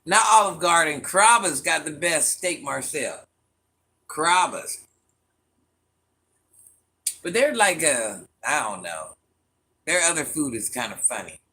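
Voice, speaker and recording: Playful guy w a country accent, high voice, chatting w his live viewers. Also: sing-song, measured pace, pauses often, pushed and bright. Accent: mixed country accent. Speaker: livestream host reading chat. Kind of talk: casual live-stream chat.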